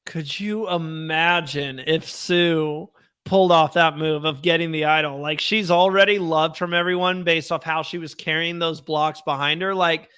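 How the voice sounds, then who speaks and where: Bright, high-voiced young man co-hosting. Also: moderate pace, smooth, no room sound, studio quality. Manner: animated, reads chat comments aloud. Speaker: podcast co-host. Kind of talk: casual chat.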